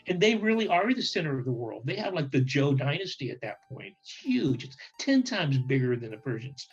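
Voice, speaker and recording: A man casually telling a history story with humor, acting out characters' lines in quick voices. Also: fairly high pitch, slightly rough, dull audio, soft background music. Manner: animated, acts out quotes in voices, restarts often. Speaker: podcast co-host.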